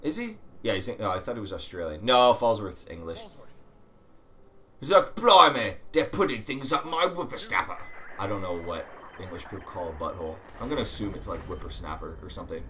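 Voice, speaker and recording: A man hosting a let's play, chatting casually over gameplay with sudden excited outbursts and swearing. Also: low-pitched, brisk.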